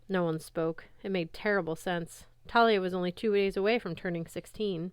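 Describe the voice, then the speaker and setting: A woman reads a novel aloud in a steady, even storytelling way. Her voice is smooth and clear, and the recording is dry and close. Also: fairly low pitch, normal speed, hardly any pauses, dry recording. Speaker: audiobook narrator. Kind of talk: audiobook narration.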